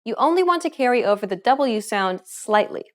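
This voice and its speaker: A woman narrating a scripted pronunciation lesson as the teacher, clear and upbeat. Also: a little high, lively intonation, normal speed.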